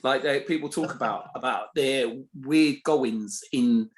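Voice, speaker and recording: A man, a comedian guest, telling a casual story and acting out the people in it with big jumps in his voice. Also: unhurried. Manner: animated, acts out quoted voices with big pitch jumps.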